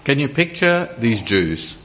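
Male preacher, sermon delivery, animated rises and falls in pitch, frequent stammered restarts. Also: measured pace, background noise. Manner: lively, many small restarts and stammers, rhetorical questions.

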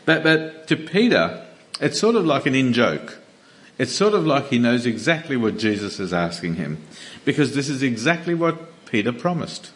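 A man preaches in an easygoing, conversational sermon. His voice sits at an ordinary middle pitch, and he often trips into small restarts and fillers as he works through his point. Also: very animated. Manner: conversational, many restarts and fillers, slows down to read scripture.

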